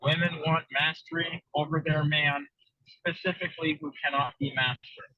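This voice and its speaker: A man's voice: on the high side, fairly even intonation, normal speed, dry recording, lo-fi sound. Chatty man telling a story. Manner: loose, storytelling, many fillers. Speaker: podcast host. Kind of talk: casual chat.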